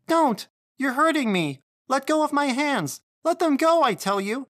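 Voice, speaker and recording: Man voicing a little girl, shrieking, shrill, very high, storybook reading, dry sound. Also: level tone, unhurried, bright, forceful tone, clean tone, no room sound. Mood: screaming. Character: terrified furious little girl screaming.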